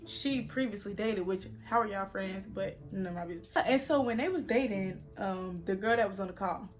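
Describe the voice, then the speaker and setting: A woman in her twenties telling a story to the camera in a casual vlog, animated and slangy, talking straight to her viewers. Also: medium pitch, moderate pace. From United States. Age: 20s. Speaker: vlogger.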